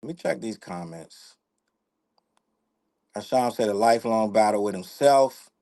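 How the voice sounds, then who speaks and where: A man's voice: on the low side, measured pace, mellow. A young man hosting a casual livestream, talking in loose slang, rambling, laughing often and reading out the chat. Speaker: livestream host.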